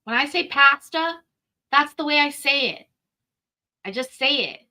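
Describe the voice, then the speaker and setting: A woman's voice: high voice, moderate pace, bright, forceful tone. A woman hosting a casual commentary show, chatty and openly incredulous. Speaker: host.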